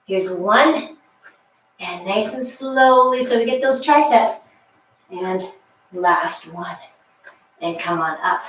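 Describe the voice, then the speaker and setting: Taking it slowly with long pauses, a woman with a medium-pitched voice guides a workout class, counting repetitions and adding chatty comments while a bit out of breath. She's a fitness instructor in an exercise room with a wall, and the mic sits far away in the echoey room.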